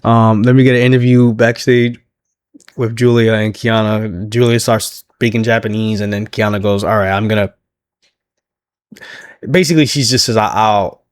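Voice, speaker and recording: A man's voice: on the low side, fairly even intonation, normal speed, clean tone, no room sound, clean studio sound. A man casually recapping a wrestling show on his own, chatty and laughing often as he acts out what the wrestlers said.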